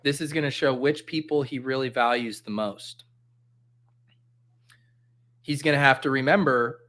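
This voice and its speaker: Excitable man hosting, laughing often. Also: medium pitch, unhurried, pauses often. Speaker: host. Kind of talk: casual livestream chat.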